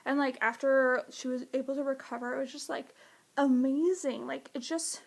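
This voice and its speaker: A woman reviewing a book in a casual vlog, gushing and excitable, jumping up into high squeals. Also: moderate pace, creaky, noisy background.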